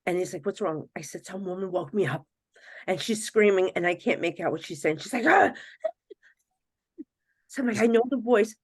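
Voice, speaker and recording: An animated middle-aged woman tells her stories to podcast hosts, jumping into the voices of the people she quotes and breaking into laughs. Her voice sits at an ordinary middle pitch for a woman. The recording is close and dry, with almost no room sound. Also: a little fast, no echo. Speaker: psychic medium guest. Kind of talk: casual storytelling in a podcast interview.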